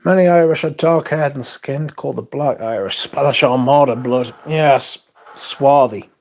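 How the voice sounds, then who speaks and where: A man's voice: medium pitch, a little slow, creaky, darkish tone. A man hosting a casual livestream, reading out viewer comments in a laid-back, rambling way and swearing now and then. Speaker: livestream host.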